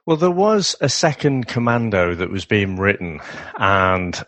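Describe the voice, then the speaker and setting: A man co-hosting a casual film review podcast, chatty and quick to laugh, with a lot of rambling asides. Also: lowish voice, very animated, a bit bright, dry recording. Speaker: podcast co-host.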